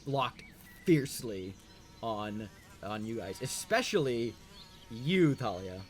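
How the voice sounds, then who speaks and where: A man's voice: mid-range voice, animated, takes it slowly. A man narrating a tabletop game as game master, hesitant and full of "like" and "um".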